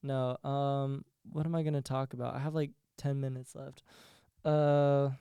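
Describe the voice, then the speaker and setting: A man's voice: medium pitch, little pitch movement, a little slow, warm tone, clean tone, dry recording. A young man hosting a solo podcast, talking in a rambling, profane way and laughing at his own jokes. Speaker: podcast host.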